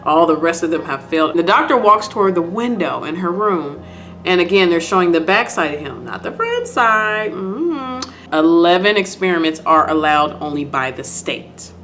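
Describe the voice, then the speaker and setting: A woman's voice: lowish voice, expressive, moderate pace, fairly bright tone, soft background music. A woman casually recapping and reacting to a TV episode, chatty and repetitive, with lots of "like" and "you know". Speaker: video host.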